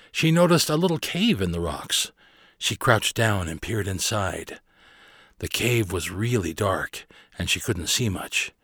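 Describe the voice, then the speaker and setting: Low-voiced man narrating a storybook. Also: no echo, studio quality. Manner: expressive, lively storytelling. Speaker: audiobook narrator.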